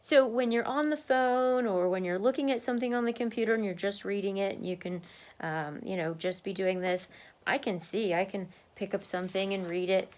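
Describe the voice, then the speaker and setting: A woman's voice: medium pitch, brisk, a little mellow. A woman talking candidly to camera in a casual video diary from her home office desk, laughing now and then and marching in place as she talks. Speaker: vlogger sharing a weight-loss journey.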